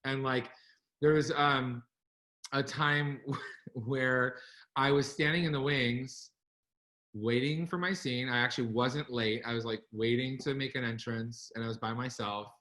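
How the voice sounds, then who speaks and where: A man co-hosting a casual online chat over a video call, telling lively stories and laughing along the way. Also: mid-range voice, unhurried. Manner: animated storyteller, laughs while telling stories. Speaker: co-host.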